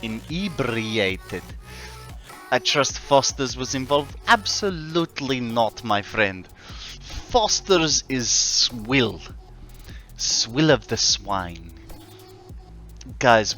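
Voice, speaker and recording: A man voicing a stiff, blunt man with a put-on Russian accent, speaking slowly and formally. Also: medium pitch, a bit bright. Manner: slow, formal speech without contractions.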